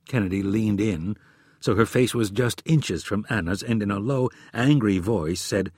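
Male audiobook narrator, measured and steady, husky tone, dry booth sound. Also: lowish voice, dry recording. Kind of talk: scripted narration.

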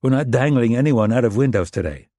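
A man reading a smooth-talking former Marine now in management, keeping things polite and disarming with a touch of nerves. The voice sits a little higher than his narration, still husky and close in a dry, dead recording. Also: lively intonation, quick pace, warm tone, dry recording, close to an everyday voice. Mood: easy. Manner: disarming, polite, a bit nervous.

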